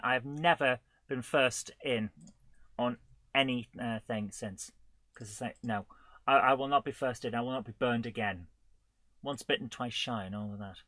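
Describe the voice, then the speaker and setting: A man's voice: mid-range voice, pushed and bright, no echo. Rambling man hosting a stream. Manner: rambling and self-deprecating, with chuckles. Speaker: host of a live retro gaming show. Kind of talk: casual livestream chat.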